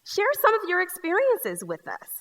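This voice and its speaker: A woman's voice: very high-pitched, wildly swooping pitch, moderate pace, fairly bright tone, voice pushed up, heavily acted. A woman in a one-person stage show playing a polite focus group moderator who hesitates with fillers as she asks questions. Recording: live theater hall reverb.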